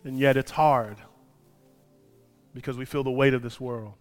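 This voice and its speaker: A male pastor preaching a sermon, moving from quiet personal storytelling to loud, impassioned preaching. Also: medium pitch, fairly even intonation, normal speed, faint music behind.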